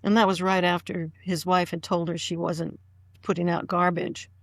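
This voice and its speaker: A woman's voice: fairly low pitch, little pitch movement, moderate pace, no room sound. A woman fan on a podcast panel, chatting casually and retelling scenes from the show.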